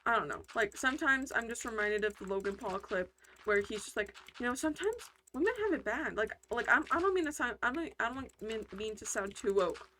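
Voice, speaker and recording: Gaming host, woman, bright voice, rambling heated commentary, faint keyboard clicks behind. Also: medium pitch, brisk, slight background noise. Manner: rambling, heated ranting with many fillers and restarts. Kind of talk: casual gameplay commentary.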